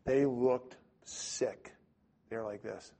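Husky older guy rambling through a story, lots of starts and stops. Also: medium pitch, drawn-out words. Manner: rambling, animated, lots of restarts. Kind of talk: casual storytelling.

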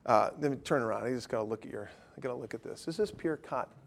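A male pastor preaching a sermon with great passion, swinging from loud urgent declarations to quiet joking asides. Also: medium pitch, fast talker, gravelly.

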